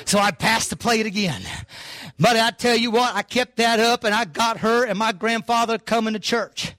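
An older man, preaching a sermon with fervor that rises to shouts. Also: sits high, fairly even intonation, normal speed, no echo. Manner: fervent, rising to shouts, southern-style preaching. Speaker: pastor.

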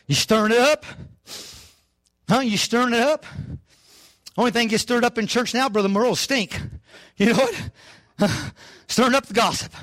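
An older man, preaching a sermon with fervor that rises to shouts. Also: very high voice, moderate pace, pauses often, no room sound. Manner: fervent, rising to shouts, southern-style preaching. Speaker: pastor.

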